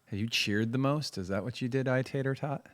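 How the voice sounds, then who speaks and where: A man livestreams a music jam from his home studio, chatting casually with viewers and muttering to himself as he fiddles with cables and keyboards. He rambles and is self-deprecating, speaking fairly quickly in a mid-range voice.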